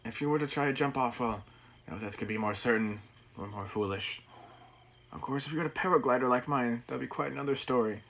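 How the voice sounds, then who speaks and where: A man's voice: medium pitch, a little fast, creaky, a bit bright, slight background noise, low-quality recording. A man voicing a mysterious old man from a game, reading the dialogue aloud in a put-on accent. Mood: sly.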